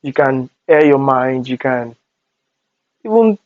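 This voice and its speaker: A young man with a Nigerian accent telling animated stories in a storytime vlog, slipping into Pidgin asides. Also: mid-range voice, takes it slowly, dry recording, phone-quality sound. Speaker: vlogger.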